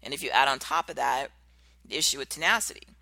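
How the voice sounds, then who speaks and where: Podcast host, motivational talk, sharp bright tone, gravelly edges, acts out examples. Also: mid-range voice, quick pace, no echo. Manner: animated, acts out contrasting example voices.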